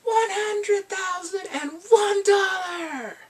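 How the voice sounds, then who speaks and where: A man voicing a cocky, rich young man who shouts out drawn-out bids. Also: extremely high pitch, sing-song, vocal fry, voice pushed up, exaggerated voice. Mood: gloating.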